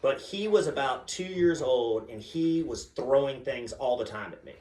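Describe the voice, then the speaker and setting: A man doing stand-up, telling family stories with deadpan punchlines. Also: medium pitch, normal speed, recorded from a distance, a little hiss or hum. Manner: deadpan punchlines, acts out a chanting child. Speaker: stand-up comedian. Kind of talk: stand-up storytelling. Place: comedy club stage with audience. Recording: roomy stage sound, a bit off-mic.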